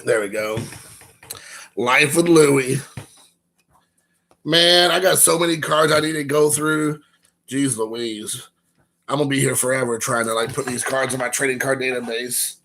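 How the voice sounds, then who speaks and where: A man's voice: medium pitch, moderate pace, pushed and bright, a little hiss or hum. A man, hosting a rambling, joking live stream and chatting with viewers. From Kentucky. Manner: rambling, joking, reading chat aloud.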